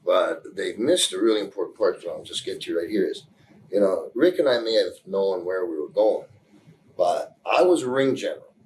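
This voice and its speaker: A pro wrestler in a casual interview, speaking in a wry, joking way. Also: male voice, deep voice, expressive, normal speed, slight background noise, rough recording.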